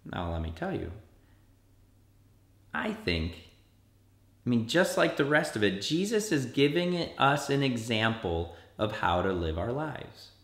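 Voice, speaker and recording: A man as a children's pastor, telling a story to kids in an animated way and acting out the quotes with big jumps in pitch. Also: unhurried, long pauses, roomy sound. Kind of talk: kids' church sermon.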